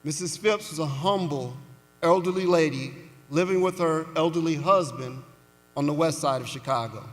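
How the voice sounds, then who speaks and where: A man giving a commencement speech, telling a story slowly and deliberately with pauses for weight, in a large indoor arena. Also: fairly high pitch, faint music behind. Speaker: commencement speaker. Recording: reverberant arena sound.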